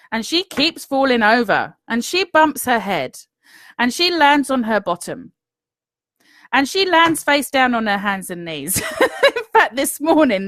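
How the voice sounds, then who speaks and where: A woman's voice: on the high side, a bit bright, no room sound. A woman, giving an earnest, encouraging motivational talk to viewers and often checking in with "okay?". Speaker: business coach.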